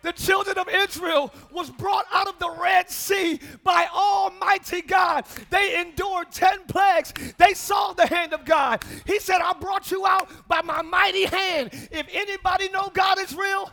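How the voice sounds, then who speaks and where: Pastor guy preaching in church, real high voice, gravelly, yells a lot. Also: fairly even intonation, unhurried, few pauses. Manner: preaching with shouts and call-and-response; drops to quiet asides and laughs. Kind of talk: sermon.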